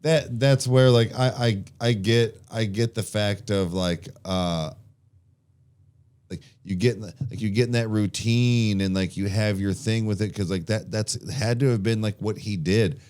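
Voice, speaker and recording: A man's voice: fairly low pitch, measured pace, a little mellow, clean tone. A man co-hosting a podcast in casual chat, rambling with frequent restarts and casual swearing. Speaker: podcast co-host.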